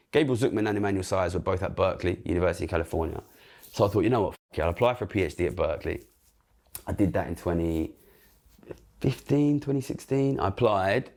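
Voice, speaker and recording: A man's voice: lowish voice, darkish tone. A man in his thirties telling his own story candidly, rambling and self-deprecating, with casual swearing. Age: 30s. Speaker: interview guest in a played clip. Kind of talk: candid recollection.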